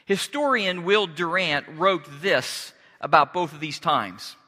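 A man preaching a sermon as pastor, earnest and deliberate, pausing and restarting as he speaks. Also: a little high, expressive, bright, forceful tone, long reverb tail.

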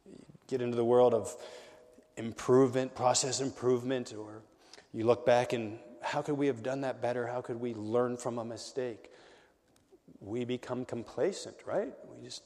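A man preaching a conversational sermon as a pastor, swinging between loud emphasis and quiet, intimate lines. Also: mid-range voice, steady tone, moderate pace, big-room sound.

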